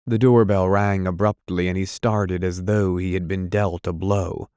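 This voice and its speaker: A man narrating a classic novel in a measured, deliberate reading. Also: low-pitched, flat delivery, a little mellow, clean tone, dry recording, studio quality. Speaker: audiobook narrator. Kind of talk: scripted narration.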